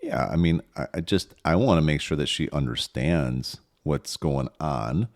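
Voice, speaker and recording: A man's voice: extremely low pitch, expressive, measured pace, darkish tone. A middle-aged man co-hosting a parenting podcast, thinking aloud with many restarts. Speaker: podcast co-host. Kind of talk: casual parenting chat.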